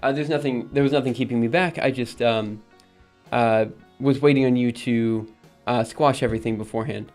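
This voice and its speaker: Casual male streamer talking through plans, halting and self-correcting, soft music underneath. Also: medium pitch, fairly even intonation. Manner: thinking aloud, many ums and restarts. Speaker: streamer and project maintainer. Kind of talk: casual live-stream chat.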